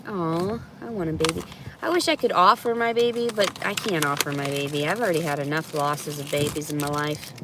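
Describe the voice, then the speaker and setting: A woman's voice: low-pitched, fairly even intonation, fairly quick, background noise. A woman chatting candidly outdoors in a park, often laughing and swearing freely as she reacts to messages. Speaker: reality show subject reacting to viewer messages. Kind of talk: casual chat.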